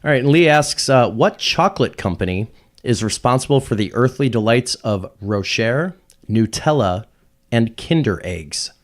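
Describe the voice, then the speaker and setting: A man's voice: medium pitch, animated, normal speed. Man hosting a podcast trivia game. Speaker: guest quiz host. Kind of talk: reading out trivia questions and answers.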